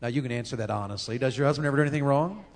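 A man preaches about marriage. He jokes and asks the crowd questions as he goes. His voice sits at a middling pitch. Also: rapid-fire. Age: 50s. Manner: folksy, joking, talks with the crowd. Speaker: pastor. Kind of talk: sermon on marriage.

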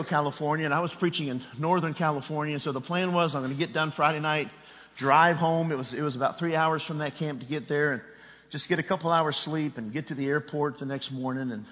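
A man's voice: fairly high pitch, fairly bright tone, long reverb tail. A middle-aged man preaching a sermon, telling a personal story with rising emotion and a raised voice at its peak.

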